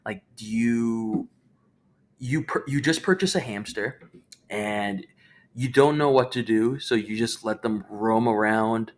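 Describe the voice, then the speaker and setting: A man's voice: fairly low pitch, takes it slowly. A man in his twenties co-hosting a podcast in casual comedic chat, rambling and stumbling over restarts. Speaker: podcast co-host.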